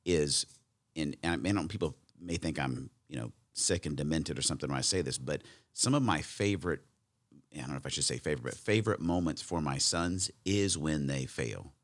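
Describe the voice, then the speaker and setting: A podcast host in his forties conducts a conversational interview in a rumbling low voice, talking a little fast. He is thoughtful but rambles and often restarts his sentences.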